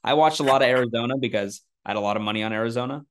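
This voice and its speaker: Male podcast co-host, mid-pitched, loose and rambling, quick to laugh at himself. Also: slight background noise. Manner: rambling and self-deprecating, with frequent restarts. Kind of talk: casual sports chat.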